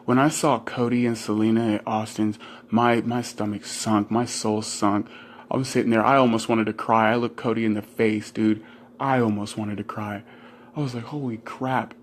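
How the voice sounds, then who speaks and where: A man's voice: on the low side, little pitch movement, moderate pace, a little hiss or hum. A young man ranting casually to the camera about his life. He rambles, swears a lot, laughs often and acts out what other people say in put-on voices. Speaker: vlogger.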